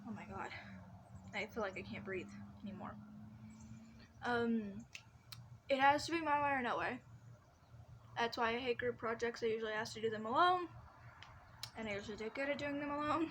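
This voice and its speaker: Speaking at a normal speed but pausing often, this teen vlogger has a fairly high, slightly bright voice. She rambles through personal anecdotes from her bedroom, restarting sentences and filling gaps, with a little background noise behind her.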